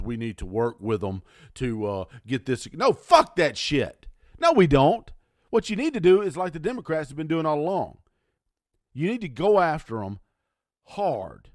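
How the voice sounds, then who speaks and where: A man's voice: medium pitch, a little mellow, dry recording, studio quality. A middle-aged man, hosting a talk show and ranting angrily about politics, swearing often and sneering sarcastically. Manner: profane, heated and sarcastic. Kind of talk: angry political rant.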